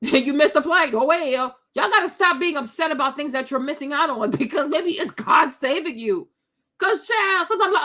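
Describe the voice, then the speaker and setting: Speaking at normal speed in a high voice, a middle-aged woman vlogger recounts a story to her viewers in a relaxed, chatty way. Animated and sassy, she laughs frequently and performs the quotes.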